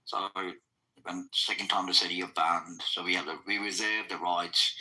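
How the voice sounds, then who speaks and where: A man in casual podcast chat, telling stories bluntly and profanely with halting restarts. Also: deep voice, fairly even intonation, bright, forceful tone, rough recording.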